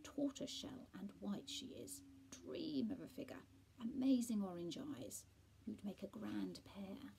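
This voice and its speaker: A woman reading aloud, voicing a posh male Persian cat who talks in a hearty, confiding way, with a husky, gravelly voice. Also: mid-range voice, big pitch swings, a little slow, warm tone, exaggerated voice. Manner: hearty, confiding, posh old-boy talk.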